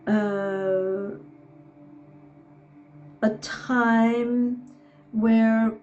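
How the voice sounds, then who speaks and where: A woman with a cold-stuffed, nasal voice reads tarot cards at an unhurried pace. Her tone is mellow and soft, and she wanders between thoughts, checking in with "okay" as she goes. Faint music plays quietly underneath. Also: on the high side, steady tone, muffled recording. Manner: meandering, reassuring, frequent "okay". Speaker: tarot reader. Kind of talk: casual tarot reading to camera.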